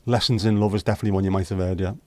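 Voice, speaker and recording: A man's voice: low voice, fairly even intonation, very fast, darkish tone, no room sound. A man hosting a casual livestream, chatting and joking with viewers as he reads their comments. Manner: chatty, joking, bantering with chat. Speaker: livestream host of a virtual pub.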